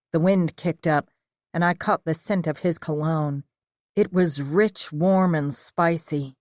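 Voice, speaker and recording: A woman narrating a first-person audiobook in a steady, measured reading voice. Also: low-pitched, dry recording, studio quality.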